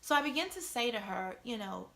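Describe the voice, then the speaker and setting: Middle-aged woman vlogger, bright tone, heartfelt and chatty storytelling. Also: fairly high pitch, lively intonation, brisk, creaky. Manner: emotional, conversational, many "you know" and "right?" asides. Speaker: vlogger telling a personal story.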